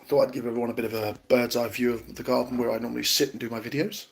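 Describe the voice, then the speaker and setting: A man's voice: medium pitch, steady tone, rapid-fire, creaky, a little hiss or hum. A man in his forties with a British accent, chatting casually with viewers on a livestream, rambling and hesitant with many ums and restarts. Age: 40s. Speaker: vlogger.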